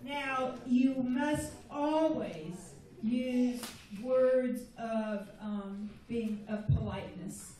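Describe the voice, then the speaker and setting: A woman's voice: fairly high pitch, drawn-out words, dark tone, distant mic. A woman teaching a room of students simple Spanish phrases, patiently repeating each one for them to echo. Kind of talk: classroom phrase lesson. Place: school room with a crowd of students. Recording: echoey room recorded from afar with crowd.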